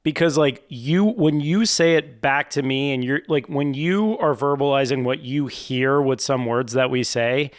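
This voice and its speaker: A man hosting a casual podcast interview, asking halting questions and often restarting. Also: medium pitch. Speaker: podcast host.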